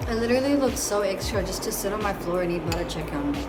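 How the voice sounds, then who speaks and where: A woman's voice: mid-range voice, expressive, quick pace, very noisy. A young adult woman chatting casually to the camera in a vlog, giggly and full of "like" fillers. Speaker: vlogger. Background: background music.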